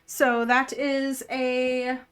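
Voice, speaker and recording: A high-voiced woman runs a tabletop game as its game master. She narrates at an unhurried pace, filling pauses with ums. She gets bursts of excitement at good dice rolls.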